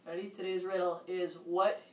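A woman leading a workout for kids, calling out moves and counts in an upbeat, encouraging way, with loud bursts on the counts. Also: on the low side, flat delivery, normal speed, recorded from a distance. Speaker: fitness coach for kids. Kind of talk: leading a live kids' workout. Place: room at home. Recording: echoey room, voice off-mic.

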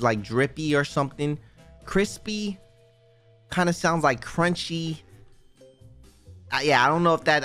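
A man giving casual, excitable gaming commentary, repeating himself and talking straight to viewers. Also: on the high side. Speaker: gaming YouTuber.

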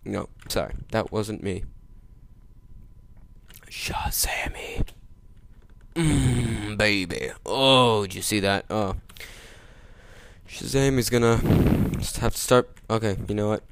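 Joking man yelling at a game. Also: fairly low pitch, unhurried, creaky, clear, resonant tone, dry recording. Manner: sarcastic asides. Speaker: let's play gamer. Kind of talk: gameplay commentary.

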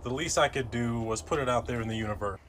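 A man's voice: mid-range voice, quick pace, heavy background noise. Man telling a delivery-route story. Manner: relaxed anecdote with voiced quotes. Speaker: delivery driver. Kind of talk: storytelling to camera.

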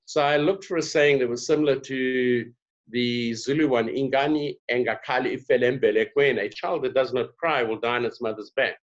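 A man's voice: mid-range voice, fairly quick. A man from South Africa, a diversity trainer, telling stories in casual conversation and acting out the dialogue in his anecdotes. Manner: animated, acts out dialogue in voices. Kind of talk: conversational storytelling. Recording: dull lo-fi recording.

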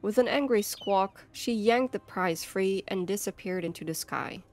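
A woman narrating a fantasy short story in a measured, expressive storytelling manner. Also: mid-range voice. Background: faint background music.

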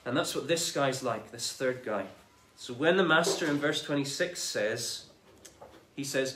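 A man preaching a sermon in a conversational, animated way, retelling scripture in everyday speech. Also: mid-range voice, measured pace, echoey room, slight background noise. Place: church.

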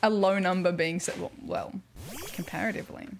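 A woman's voice: lowish voice, fairly even intonation, brisk, vocal fry, slight background noise. A young woman with an Australian accent, chatting casually and telling stories during a gaming livestream, laughing often. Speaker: streamer.

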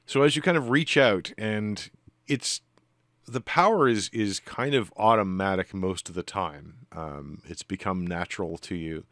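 A man's voice: low voice, unhurried, fairly bright tone, dry recording, clean studio sound. A man narrating as game master in a tabletop game, rambling a little with frequent ums. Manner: rambling, with many ums and restarts.

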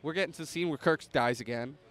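Podcast guest, male, higher-pitched, animated storyteller in casual chat. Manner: animated storyteller, fast restarts. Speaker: podcast guest, prop maker.

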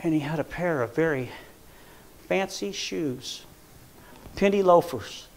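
A man preaching a Pentecostal sermon in church, swinging from hushed storytelling to fervent shouting. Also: fairly high pitch, slow.

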